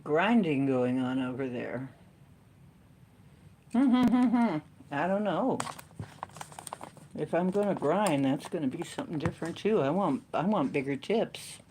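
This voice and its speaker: Woman, live stream host, unhurried, playful, joking, chatty. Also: deep voice, animated, warm tone, slight background noise. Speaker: card reader hosting a live stream. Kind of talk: casual chat on a live stream.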